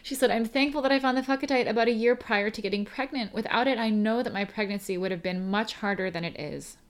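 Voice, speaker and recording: A woman's voice: on the high side, fast. Chatty, rambling woman podcast host. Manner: chatty and rambling, emotional, laughing through tears. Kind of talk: casual solo podcast talk and reading a listener email.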